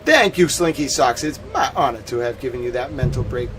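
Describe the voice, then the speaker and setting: A man's voice: mid-range voice, expressive, a little fast, fairly bright tone. A man from Massachusetts with a local accent, hosting a livestream and chatting casually in a rambling way with constant "like" fillers. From Massachusetts, USA. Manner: rambling, heavy use of "like" fillers. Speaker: livestream host.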